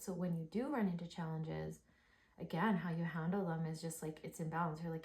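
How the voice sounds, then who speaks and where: Woman, oracle card reader, gushing and excited, lots of "like", lowish voice, echoey room. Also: fast talker. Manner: excited, gushing, heavy use of "like". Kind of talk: spiritual card reading.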